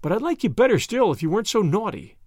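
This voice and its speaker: A man voicing an earnest, kind young woman who is a teacher, in a raised, bright voice from an audiobook reading. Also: high voice, big pitch swings, fast, no echo, clean studio sound, pitched above the performer's own voice, full character voice.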